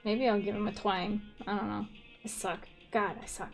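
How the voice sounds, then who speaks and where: A woman's voice: medium pitch, fairly even intonation, normal speed, vocal fry, soft background music. A woman streamer casually chatting while playing a video game, self-mocking and reading lines aloud. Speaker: gaming streamer. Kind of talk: casual let's-play commentary.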